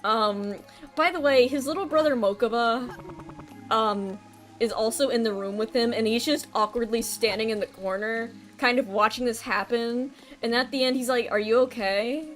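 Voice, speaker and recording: A woman's voice: fairly high pitch, moderate pace, faint music behind. A woman streamer chatting casually while she plays, rambling through a recap with many ums and restarts. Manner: rambling recap with filler ums and self-corrections. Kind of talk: casual gameplay stream chat.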